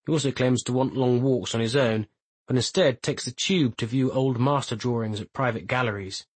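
A man narrates a literary novel in a measured, even reading. His voice is husky and sits at a middle pitch. The sound is close and dry. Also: no room sound, rough recording. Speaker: audiobook narrator. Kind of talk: scripted narration.

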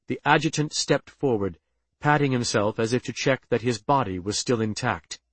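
A man giving steady, scripted audiobook narration. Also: mid-range voice, dry recording.

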